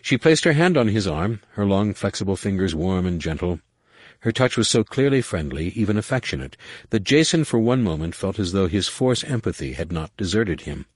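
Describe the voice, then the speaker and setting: Deep-voiced male audiobook narrator. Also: big pitch swings, normal speed, slightly rough, no room sound.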